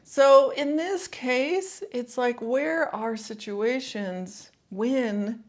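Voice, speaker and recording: A woman's voice: on the high side, very slow. A woman life coach talking to camera in a casual, reflective vlog, telling a personal story in a conversational way with lots of "like" and "you know".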